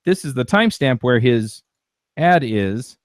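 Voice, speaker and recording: A man's voice: medium pitch, big pitch swings, a little slow, no room sound, studio quality. A man hosting a podcast, talking in a rambling casual way with many restarts and fillers. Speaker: podcast host. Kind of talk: casual chat.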